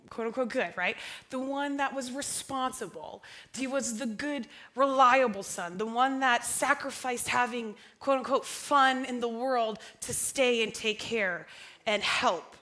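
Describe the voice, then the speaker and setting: Bright-voiced woman preaching a sermon. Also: fairly high pitch. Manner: chatty, self-deprecating, asks the congregation questions. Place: church sanctuary.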